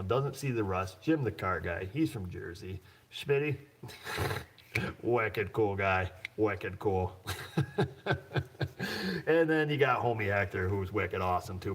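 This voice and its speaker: A man's voice: fairly low pitch, expressive, unhurried, fairly bright tone. A man hosting a livestream as a mechanic, talking in a loose, jokey, rambling way and chuckling often. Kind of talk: casual livestream chat.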